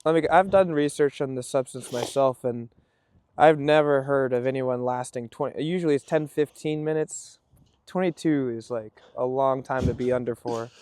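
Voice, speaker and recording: A man hosting a podcast, reacting with enthusiastic exclamations and asking questions in a relaxed, conversational way. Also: medium pitch, normal speed, clean tone. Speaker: podcast host. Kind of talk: casual conversational interviewing.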